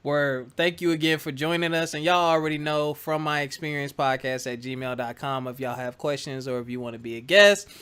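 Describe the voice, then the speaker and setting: A man's voice: medium pitch, a little fast, few pauses, fairly bright tone, smooth. A man hosting a podcast in casual chat, joking and bantering playfully. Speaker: podcast host.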